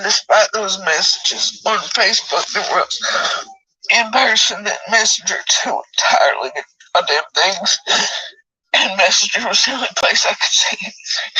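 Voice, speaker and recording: A woman's voice: mid-range voice, pushed and bright, husky, no echo, far from the mic, rough recording. A woman giving raw, tearful personal testimony, swearing often.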